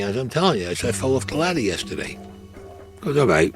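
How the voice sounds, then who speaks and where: Racing along in a sing-song, mid-range voice with music in the background, a Brooklyn Vietnam veteran tells his war stories in an interview. His manner is gruff and blunt, pure street talk, and he acts out the dialogue.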